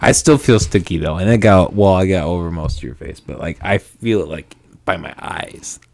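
A man's voice: low-pitched, a little fast, a little mellow. A young man hosting a podcast, joking and self-mocking and laughing often, on a studio mic with headphones. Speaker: podcast host. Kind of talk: casual chat.

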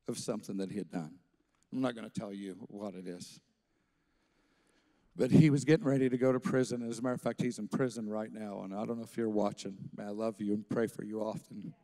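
A man, a pastor, telling a story in a sermon, acting out the voices and swinging from loud to hushed. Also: lowish voice, fairly quick. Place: church stage.

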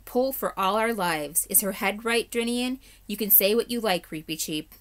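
A woman's voice: mid-range voice, moderate pace, lightly acted. A woman reading as a young king bellowing orders. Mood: commanding. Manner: urgent, commanding. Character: young king, commanding man under strain.

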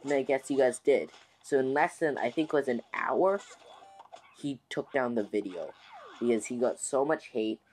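A man's voice: mid-range voice, moderate pace, a little mellow, a little hiss or hum. A man hosting his own gaming channel, chatting casually to viewers in a rambling way with many restarts and fillers. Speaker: gaming YouTuber host. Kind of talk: casual let's-play commentary.

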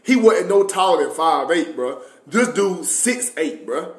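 A young man telling a story in a casual, animated, profane way with lots of slang and fillers. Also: a little high, a little slow. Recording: roomy echoey room.

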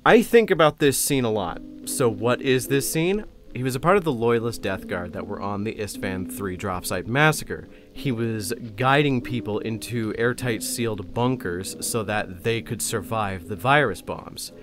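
A man's voice: on the low side, animated, moderate pace, few pauses. A man hosting his own channel, explaining lore in a casual, enthusiastic, rambling way. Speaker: channel host. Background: faint music.

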